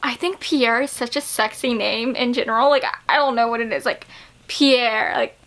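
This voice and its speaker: A woman vlogger talks casually about books she loves, gushing and giggling as she goes. Her voice sits high and sounds bright and sharp. She often stumbles over fillers and restarts as she gets excited. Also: a little fast. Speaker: book vlogger. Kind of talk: casual chat to camera.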